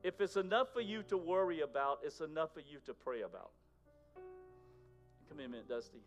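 A man's voice: fairly high pitch, animated, brisk. Man preaching over faint music. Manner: conversational preaching, swings from loud to whispered. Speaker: pastor. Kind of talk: sermon.

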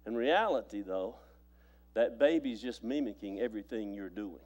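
A man's voice: lowish voice, lively intonation, moderate pace, a little mellow. A man preaching a sermon as pastor, telling stories with repeated phrases and stammered restarts.

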